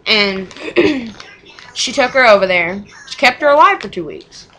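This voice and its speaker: A woman's voice: a little high, animated, unhurried, a bit bright, a little hiss or hum, low-quality recording. A young mother telling a personal story in casual chat, rambling and frank, with swearing and short laughs.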